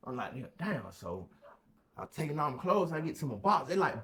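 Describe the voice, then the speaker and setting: Young guy w telling a story on a podcast, animated, keeps doing voices. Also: fairly quick. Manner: animated, acts out quoted voices with loud high bursts. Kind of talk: casual storytelling.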